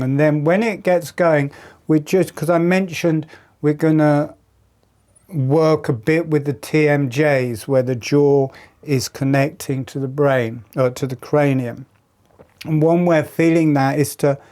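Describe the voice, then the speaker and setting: Male breathing instructor, patient and methodical, voice a touch higher than usual. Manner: calm, step-by-step explaining with demonstrations. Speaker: breathwork teacher.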